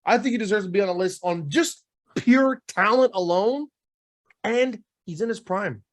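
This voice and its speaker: A young man with a high-pitched voice talks in a loose, animated way on a podcast. He leans on slang and drifts into quick asides as he goes. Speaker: podcast co-host. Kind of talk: casual chat.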